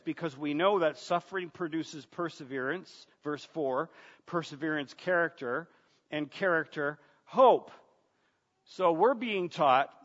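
A man's voice: a little high, a bit bright. Male pastor, sermon delivery, earnest and questioning, slightly muffled recording. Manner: earnest, rhetorical questions, repeats words. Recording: dull sound, long reverb of a large room.

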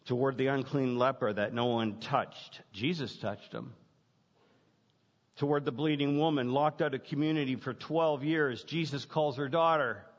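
A man preaching a sermon as pastor, emphatic, building points through repetition and dramatic pauses. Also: mid-range voice. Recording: dull lo-fi sound with long hall reverb.

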